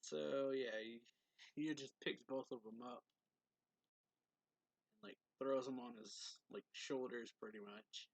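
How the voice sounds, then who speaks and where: A young man talks through a manga chapter in a loose, rambling way, reading character lines in his normal speaking voice. His voice sits at a middle pitch. The sound is dry and close, with no room echo. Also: steady tone, slow, pauses often. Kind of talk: casual recap of a manga chapter.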